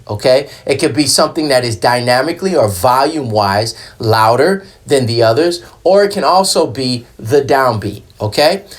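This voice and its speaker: Man teaching rhythm, counting beats aloud. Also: medium pitch. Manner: explains plainly, counts beats aloud, checks in with "okay?". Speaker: hand percussion teacher. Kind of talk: casual music lesson. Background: hand drum playing.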